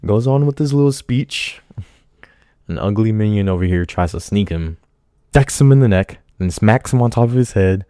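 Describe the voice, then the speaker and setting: A man giving a casual reaction commentary on a TV drama, animated and joking, with slangy talk. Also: on the low side, normal speed, clear, resonant tone, no echo, clean studio sound.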